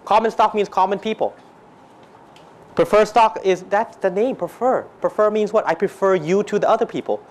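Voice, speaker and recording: A man's voice: high-pitched, moderate pace. Man lecturing a class. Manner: questions students constantly, mixes Thai phrases, jokey. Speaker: finance lecturer.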